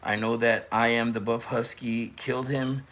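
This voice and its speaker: A young man hosts a live stream and reacts to roasts in chat. His voice is bright and forward. He talks in a loose, teasing way, and now and then he shouts or stretches a word out for effect. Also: mid-range voice, moderate pace. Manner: excitable, teasing, shouts and stretches words at big moments. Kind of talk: casual live-stream commentary.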